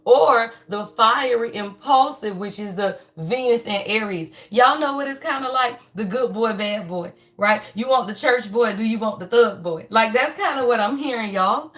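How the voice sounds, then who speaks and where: Chatty woman with a fairly high voice. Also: moderate pace, hardly any pauses, fairly bright tone. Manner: chatty, folksy, keeps addressing viewers as y'all. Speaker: astrology and tarot reading host. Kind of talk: casual livestream reading.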